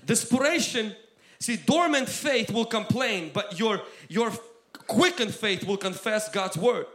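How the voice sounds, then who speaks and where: Male preacher, high-pitched and impassioned, delivering a sermon in a roomy, echoing space. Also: lively intonation, a little slow. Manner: impassioned, swings between loud exhortation and quiet asides. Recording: roomy echo.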